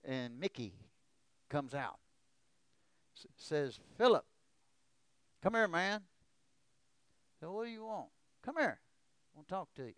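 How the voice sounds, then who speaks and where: A man preaching a testimony sermon, telling a story that builds to a shouted exhortation. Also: on the high side, smooth, no echo.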